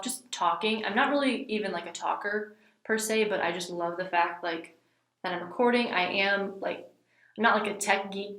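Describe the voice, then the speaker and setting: A young woman, a YouTuber, chatting as a podcast guest in a relaxed, easygoing way. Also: medium pitch. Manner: relaxed, easygoing, lots of "like" and "you know". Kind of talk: casual interview chat. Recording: roomy echo.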